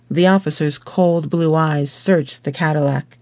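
Slow, measured male audiobook narrator. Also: on the high side, steady tone, darkish tone, no echo, clean studio sound. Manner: slow, measured, deliberate reading.

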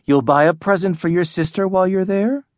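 A man's voice: high voice, brisk, darkish tone, no room sound, clean studio sound, voice pushed up, lightly acted. A man voicing a firm, matter-of-fact mother in a children's audiobook. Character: firm, patient suburban mom.

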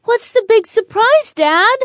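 Lady reading as a little storybook girl, high and sing-songy, eager and sweet. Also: lively intonation, a little slow, no room sound, studio quality. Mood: cheerful. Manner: eager, sing-song, childlike. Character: small spill-prone girl, sweet and earnest.

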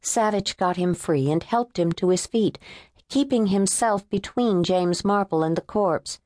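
A woman narrating an unabridged thriller audiobook in a measured, tense storytelling manner. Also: medium pitch, darkish tone, dry recording, clean studio sound. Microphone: close studio mic.

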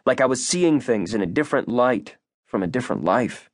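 Male audiobook narrator, first person, expressive and measured, dry close studio sound. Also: medium pitch, no echo.

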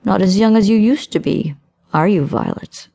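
A woman voicing a smug, manipulative young man who speaks in a suave, low, smooth voice. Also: normal speed, mellow. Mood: smooth coaxing.

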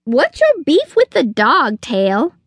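A woman's voice: high-pitched, huge pitch swings, slow, no room sound, studio quality, pitched above the performer's own voice, exaggerated voice. A woman voicing a tough, blunt little girl chick detective in a storybook. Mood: brusque. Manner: brusque, no-nonsense.

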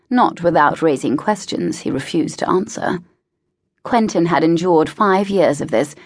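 A woman narrating a historical romance audiobook in a measured, even manner. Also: fairly low pitch, no echo, studio quality. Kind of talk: scripted narration.

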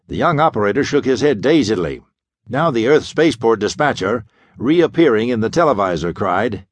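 A man's voice: mid-range voice, expressive, normal speed, husky, no room sound, clean studio sound. A man narrating a classic pulp sci-fi audiobook in a dramatic, vivid storytelling manner.

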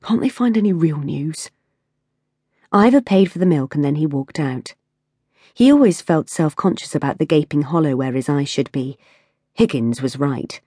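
Audiobook narrator: low-voiced, husky woman, measured read, dry close mic. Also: expressive, dark tone, dry recording. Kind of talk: scripted narration.

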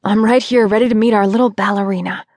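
A woman doing a gentle, steadying best friend. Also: high-pitched, fairly even intonation, quick pace, no room sound, studio quality. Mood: soothing. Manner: gentle, reassuring. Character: devoted young male best friend, soothing.

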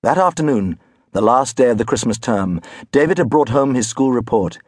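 A male audiobook narrator with a husky voice and a lively, wry delivery, telling a children's story. Close and dry, with no room sound. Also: mid-range voice, moderate pace, dry recording. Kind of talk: scripted narration.

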